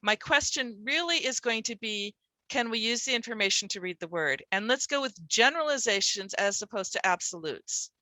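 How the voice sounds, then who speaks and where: Bright-voiced woman teaching a workshop. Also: fairly high pitch, expressive, normal speed, dry recording, rough recording. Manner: conversational, explaining with rhetorical questions. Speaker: literacy teacher trainer.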